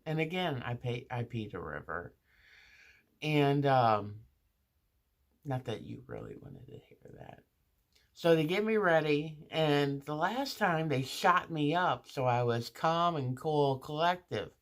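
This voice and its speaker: A woman's voice: deep voice, slow pace. Chatty woman telling a story. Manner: animated, acts out the other people in the story; chatty, with many restarts and asides. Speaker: vlogger. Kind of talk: casual storytime monologue.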